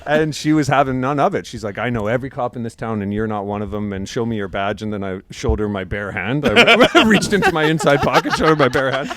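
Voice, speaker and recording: A man, a guest comedian, telling a rambling story on a podcast, laughing as he goes and trailing off quietly. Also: mid-range voice, animated, fairly quick, few pauses. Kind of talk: casual storytelling.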